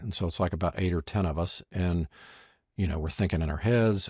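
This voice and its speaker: This podcast guest, a magician who also works as a marketing strategist, has a low-pitched voice with a breathy edge and talks a little fast. The recording is dry and studio-clean, and he tells stories with energy, acting out quoted lines.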